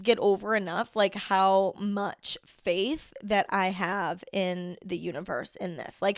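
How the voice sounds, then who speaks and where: A woman's voice: medium pitch, no room sound, clean studio sound. A young woman hosting her own podcast, talking casually in an earnest, reflective way and swearing now and then. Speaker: podcast host. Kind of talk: casual solo podcast talk.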